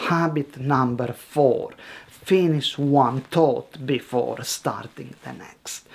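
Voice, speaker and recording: A man, a teacher giving a scripted video lesson in short, emphatic phrases and rhetorical questions. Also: fairly high pitch. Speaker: Italian teacher.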